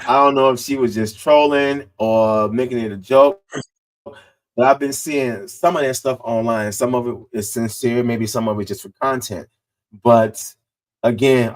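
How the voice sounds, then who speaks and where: Blunt Black podcast host. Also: male voice, medium pitch. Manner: blunt, profane, heated. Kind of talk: casual podcast chat.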